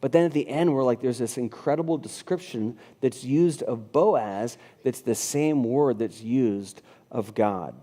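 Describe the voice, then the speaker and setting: A man's voice: medium pitch, measured pace, warm tone. A pastor in his fifties preaching a conversational sermon, reading scripture aloud and restarting his phrases. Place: church sanctuary.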